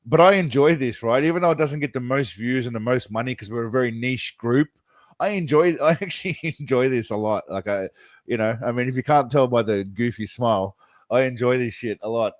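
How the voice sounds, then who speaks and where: A man's voice: mid-range voice, fairly quick, no echo. Man, livestream host, casual chat, rambling, frequent laughter, dry close sound. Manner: rambling, laughs often, says mate and brother. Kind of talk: casual live chat with viewers.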